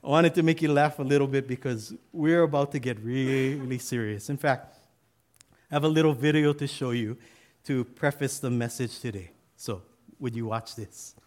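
A man's voice: medium pitch, moderate pace, a little mellow. Man, pastor, storytelling sermon, chatty asides and restarts.

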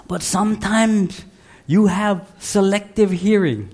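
A man's voice: a little high, measured pace, pauses often, a little mellow. A man preaching a sermon in a folksy, conversational way, speaking directly to his congregation. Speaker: pastor.

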